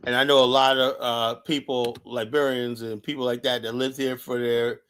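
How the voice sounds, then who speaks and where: A man hosting a podcast, telling stories in a rambling, animated way with plenty of swearing. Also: medium pitch, normal speed, clear, resonant tone. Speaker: podcast host. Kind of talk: casual chat.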